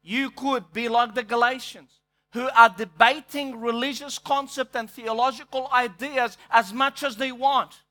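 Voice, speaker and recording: Male preacher, bright forceful tone, emphatic and halting sermon style. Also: very high-pitched, steady tone, faint music behind. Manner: emphatic preaching, repeats words when searching. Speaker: pastor.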